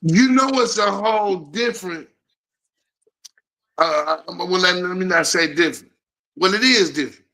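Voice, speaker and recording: A man with a high, bright voice chats casually. He asks easygoing questions and thinks aloud as he talks. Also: unhurried, long pauses. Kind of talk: casual chat.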